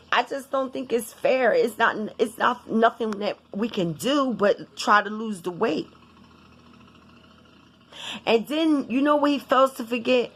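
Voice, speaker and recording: A woman vlogger talking casually and bluntly to her viewers, cursing often in an animated, informal way. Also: medium pitch. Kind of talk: casual vlog rant.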